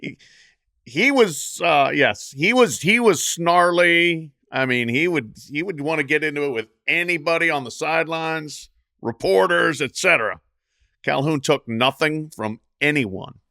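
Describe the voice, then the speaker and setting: Bright expressive podcast man. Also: on the high side, unhurried, gravelly, no room sound, studio quality. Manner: expressive, lively rise and fall, chuckles along. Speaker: podcast co-host. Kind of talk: casual sports chat.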